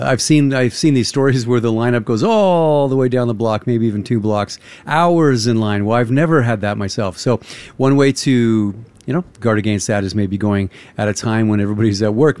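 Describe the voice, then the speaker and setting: A man talking casually on the radio, his voice sitting a little low. He rambles along with plenty of "uh"s, speaking into a close studio mic. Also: brisk, darkish tone, no room sound. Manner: rambling, many uh fillers. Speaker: radio host. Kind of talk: casual on-air chat. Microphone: studio microphone.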